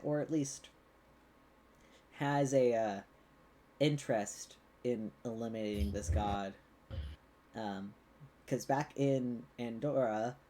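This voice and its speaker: A man's voice: mid-range voice, a little mellow. Rambling man running a tabletop game. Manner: rambling, lots of ums and restarts, laughs easily. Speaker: game master. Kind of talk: narrating a tabletop game on a live stream.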